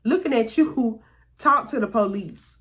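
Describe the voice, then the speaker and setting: A woman's voice: fairly high pitch, unhurried, a bit bright. Rambling, profane woman telling a story. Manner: rambling, profane, filler-heavy. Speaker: storytime vlogger. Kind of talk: casual storytelling.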